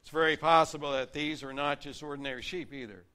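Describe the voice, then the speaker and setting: A man preaching a sermon, earnestly reading and explaining scripture, varying his loudness for emphasis. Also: a little high, fairly even intonation, fast talker, clean tone.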